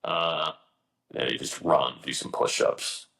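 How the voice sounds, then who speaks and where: A man's voice: extremely low pitch, steady tone, slow, creaky, sharp tone, rough recording. A young man being interviewed who tells blunt, profane stories in casual chat. He is a guest talking about his life in the air force.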